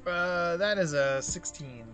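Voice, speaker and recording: A man playing a tabletop role-playing game, joking and lively as he plays his character. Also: high-pitched, slow pace, faint music behind. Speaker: player.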